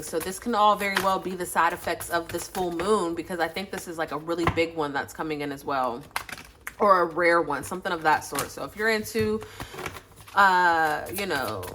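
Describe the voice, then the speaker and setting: Recording on her phone out of frame, a tarot reader with a fairly low voice chats through a reading amid background noise. Her style is relaxed, frank, full of slang, and heavy on profanity.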